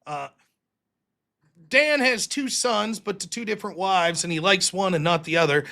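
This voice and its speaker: A man's voice: sits high, moderate pace, gravelly, bright, forceful tone. A man hosting a livestream, talking casually in a rambling, profane, jokey way. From United States. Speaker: livestream host.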